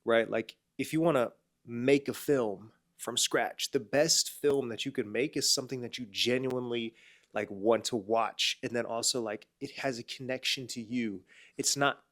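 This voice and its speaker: A young man in his mid-twenties talks straight to the camera with a stuffed-up, nasal voice. His delivery is casual and slangy, sprinkled with bro and man, and it swings between loud pushes and quiet asides. His pitch sits in an ordinary middle range for a man. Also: normal speed. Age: 20s. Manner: slangy and emphatic, often saying bro and man. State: congested, nasal voice. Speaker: clothing brand owner and entrepreneur. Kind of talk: casual motivational talk to camera.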